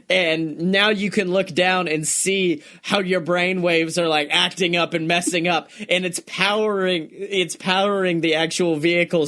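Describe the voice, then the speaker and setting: A young man co-hosting a podcast, chatting casually, excited and swearing often, laughing as he talks. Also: fairly high pitch. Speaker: podcast co-host. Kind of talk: casual chat.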